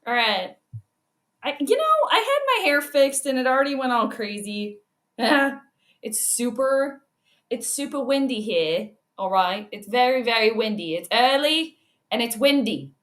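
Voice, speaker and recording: This livestream host has a somewhat bright voice on the high side, very animated but unhurried. She chats casually, names viewers as she greets them, and laughs a lot, with a roomy echo around her.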